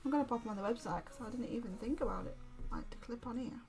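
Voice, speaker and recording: Giggly woman host, a bit high, rambling chat, soft music faintly behind. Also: quick pace. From Derbyshire, England. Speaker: livestream host. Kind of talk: casual livestream chat while stitching.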